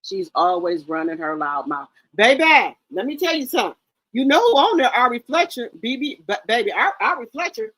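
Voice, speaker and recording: Woman in her 50s, aave, sassy and blunt, cusses a lot, kinda high voice, dry close sound. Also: big pitch swings, normal speed, fairly bright tone, husky, no echo, poor audio. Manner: blunt, sassy, curses freely. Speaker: livestream host. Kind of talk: casual livestream chat.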